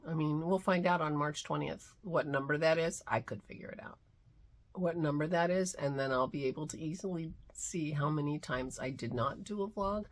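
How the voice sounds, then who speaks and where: A middle-aged woman hosting her daily vlog, talking heartfelt and soft, sometimes dropping to near-whispers. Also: sits low, moderate pace. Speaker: vlog host. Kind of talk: casual morning vlog talk.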